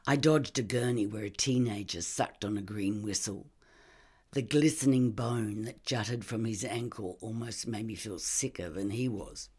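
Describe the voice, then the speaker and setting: Slow husky crime narration. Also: mid-range voice, darkish tone. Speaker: audiobook reader. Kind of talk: first-person crime fiction narration.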